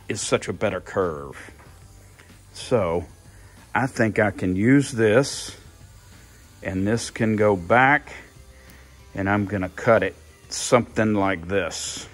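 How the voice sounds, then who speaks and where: Older guy hosting a garage build video, low voice, slow and rambling, faint music behind. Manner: rambling, thinks aloud, repeats himself. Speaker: car builder, channel host. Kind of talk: casual workshop vlog.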